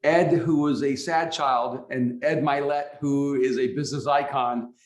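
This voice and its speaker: A reflective man hosts an interview podcast in a roomy, echoing space. He speaks in a middle pitch, pausing to search for the right words. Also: fairly even intonation. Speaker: podcast host. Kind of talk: interview conversation.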